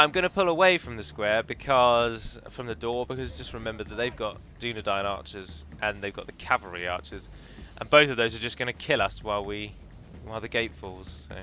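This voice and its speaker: A man's voice: medium pitch, pushed and bright. A man casually commenting over a strategy game he plays, rambling into opinionated asides about pronunciation. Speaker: game modder and let's player.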